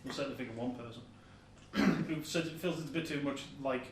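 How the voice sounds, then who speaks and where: A man's voice: mid-range voice, quick pace, recorded from a distance. A man co-hosting a podcast, chatting casually and swearing freely. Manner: sweary, laughs easily. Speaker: podcast co-host. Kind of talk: casual banter. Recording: echoey room, off mic, faint noise.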